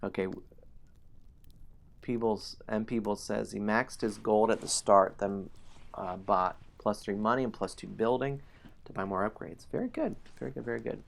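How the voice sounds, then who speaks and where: A man's voice: on the low side, steady tone, moderate pace, creaky. A man hosting a casual game stream, playfully teasing players and reading the story aloud. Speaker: game host.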